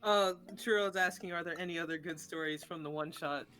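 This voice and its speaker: A woman player chatting casually on a stream, excitable. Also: lowish voice, brisk.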